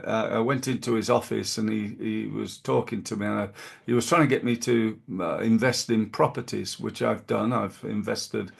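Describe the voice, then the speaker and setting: A man's voice: lowish voice, creaky. A middle-aged man hosting a podcast, talking through business advice in a rambling, casual way with many fillers and restarts. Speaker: podcast host.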